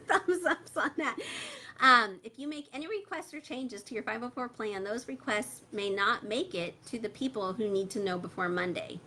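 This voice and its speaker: A woman's voice: medium pitch, normal speed, few pauses, bright, forceful tone, a little hiss or hum. A woman hosting a parents' livestream, chatting casually with many fillers and reading viewer comments aloud, with a phone held close. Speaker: host of a parent membership group.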